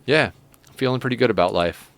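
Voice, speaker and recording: A man's voice: mid-range voice, a little fast, fairly bright tone. A man streaming a game, chatting casually and joking with his viewers. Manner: chatty, joking, talks to chat and his cat. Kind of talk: casual live-stream chat while playing.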